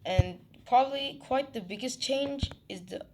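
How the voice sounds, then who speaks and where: A channel host casually walking through a map, halting and correcting themselves while listing places one by one. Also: high-pitched, background noise. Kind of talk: casual map walkthrough narration.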